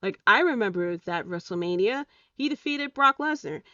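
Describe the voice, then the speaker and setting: A woman's voice: medium pitch, lively intonation, normal speed, sharp tone, dry recording, distant mic, lo-fi sound. Exasperated, blunt woman podcaster. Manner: blunt, exasperated, swears freely. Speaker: podcast host. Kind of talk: casual solo podcast review.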